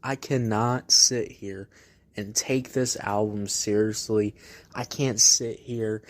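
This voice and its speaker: A man's voice: on the low side, steady tone, takes it slowly. A man hosting a casual album review, ranting bluntly and profanely with exasperation. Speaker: music reviewer host.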